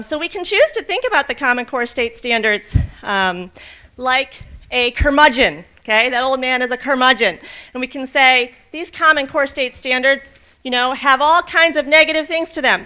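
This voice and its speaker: A woman with a bright, fairly high voice leads a teacher workshop. She talks in an animated, storytelling way and keeps checking in with the room by asking "okay?" She sounds like a presenter speaking into a microphone at a training day. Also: smooth. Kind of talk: reading a picture book aloud, then leading a workshop.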